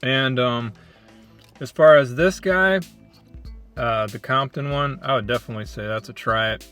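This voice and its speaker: A man from Michigan hosting a casual food review, talking in a relaxed, thoughtful way with plenty of ums. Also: mid-range voice, moderate pace, smooth, soft background music. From Flint, Michigan.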